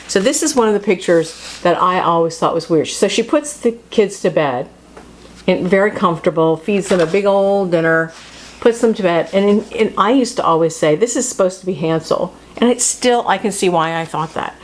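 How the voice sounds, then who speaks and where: A woman's voice: lowish voice, brisk, slight background noise. A woman hosting a casual book talk who chats loosely, often laughs and breaks off mid-sentence. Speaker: host. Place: home studio.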